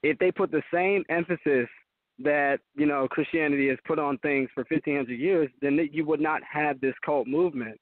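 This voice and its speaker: Man, Christian apologist guest, emphatic, preacherly, somewhat high voice, thin phone sound. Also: normal speed, no room sound. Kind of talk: call-in talk show debate. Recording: tinny phone-line call-in audio.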